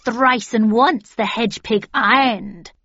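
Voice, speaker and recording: A woman voicing a cackling old hag witch who chants spells slowly and loudly, with a slightly dull recording. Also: a little high, husky, no room sound, exaggerated voice. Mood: ominous chanting.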